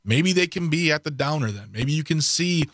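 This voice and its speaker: A man with a bright, forceful voice talks in a relaxed, storytelling way, dropping quick asides. The sound is close and dry, as in a small studio. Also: a little high, no echo. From Milwaukee. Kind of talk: casual radio chat.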